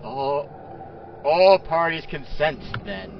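A man running a tabletop game as game master, playful and quick to laugh. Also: a little high, creaky, far from the mic, lo-fi sound, slight background noise.

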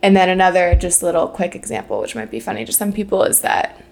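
A woman's voice: on the low side, very animated, quick pace, creaky, darkish tone. A young adult woman co-hosting a casual podcast chat, talking loosely with many fillers. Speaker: podcast co-host.

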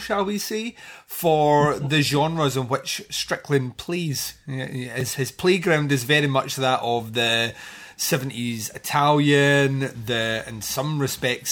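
A man's voice: mid-range voice, a bit bright. Chatty man hosting a film podcast. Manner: chatty, jokey, rambling with fillers. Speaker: podcast host. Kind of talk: casual film podcast chat.

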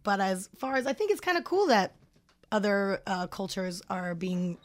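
A woman's voice: medium pitch, very animated, moderate pace. A woman co-hosting a podcast, teasing and supportive in casual chat. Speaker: co-host.

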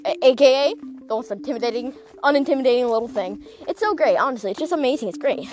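A young woman rambles through a gossipy storytime vlog, her high voice packed with "like" fillers and quick laughing asides. She talks while walking outdoors, and faint music plays softly behind her. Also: expressive. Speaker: vlogger.

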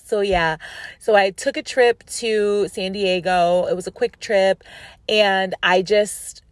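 A woman's voice: medium pitch, steady tone, takes it slowly, no room sound. A woman in her thirties from upstate New York hosting a casual solo podcast, chatty and self-mocking, laughing often and leaning on fillers. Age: 30s. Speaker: podcast host.

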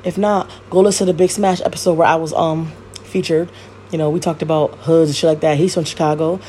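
A woman's voice: deep voice, fairly even intonation, a little fast, mellow, slight background noise. A woman in her thirties hosting a podcast, talking in a blunt, profane and rambling way, repeating herself. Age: 30s. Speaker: podcast host. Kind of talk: casual monologue.

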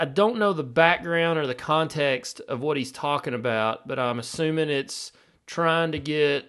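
A man's voice: fairly high pitch, fairly bright tone. Sarcastic ranting podcast host, man. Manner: sarcastic, ranting, rhetorical questions. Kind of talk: opinionated podcast commentary.

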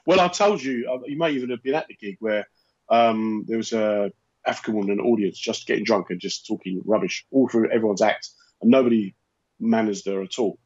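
A man's voice: fairly low pitch, fairly quick. A man, a comedian and host, telling a stand-up anecdote in casual chat and acting out the voices in it. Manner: animated, acts out quoted voices in anecdotes. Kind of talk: casual comic storytelling. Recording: dull, slightly lo-fi podcast audio.

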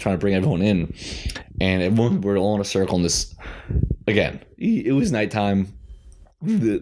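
A man's voice: lowish voice, a little mellow, a little hiss or hum. A man hosting a podcast, telling a story casually with lots of restarts and fillers. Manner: rambling, with many restarts and fillers. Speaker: podcast host.

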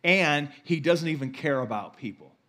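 A man's voice: a little high, lively intonation, moderate pace, bright, forceful tone. A man in his forties preaching a sermon as pastor, emphatic and repeating key phrases for effect.

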